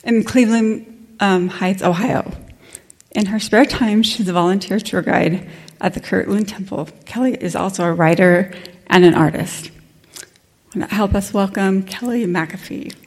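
A woman hosting an event, out of breath and a little halting as she reads the introduction of the speaker. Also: mid-range voice. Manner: slightly halting, with small stumbles. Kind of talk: reading an introduction.

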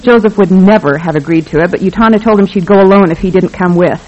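A narrator reads a novel aloud with a wry, even delivery at a middle pitch. The recording is dull and lo-fi. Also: fast. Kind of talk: scripted audiobook narration.

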